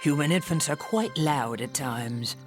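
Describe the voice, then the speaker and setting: A weary lioness, voiced by a man, dry and patient. She speaks slowly at a middle pitch. Film music sounds clearly beneath. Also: natural voice. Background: film score.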